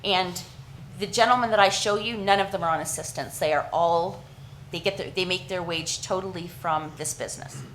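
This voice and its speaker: A woman from Canada giving an earnest, halting presentation at a council meeting, with frequent restarts and fillers. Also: mid-range voice, a bit bright, a little hiss or hum, low-quality recording.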